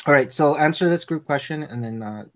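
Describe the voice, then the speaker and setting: A man hosting a casual podcast, telling work stories with lively acted-out quotes. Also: fairly high pitch, fast talker, no echo, studio quality. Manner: animated storyteller acting out quoted lines. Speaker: podcast host, casino dealer.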